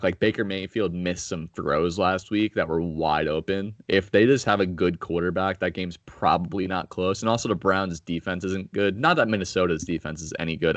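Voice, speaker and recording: A man with a very low voice hosts a sports betting podcast. He talks bluntly and swears freely while making his picks. The recording is dry, with no room sound. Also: fairly bright tone, dry recording. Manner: blunt, profane, opinionated. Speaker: podcast host. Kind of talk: casual sports betting chat.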